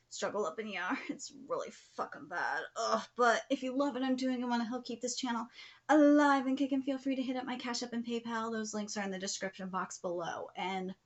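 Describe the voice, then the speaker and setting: Emotional, gushing woman reaction host, slightly high. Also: highs cut off. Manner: emotional, gushing, often dropping to breathy whispered exclamations. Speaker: YouTube manga reaction host. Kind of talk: live reaction commentary.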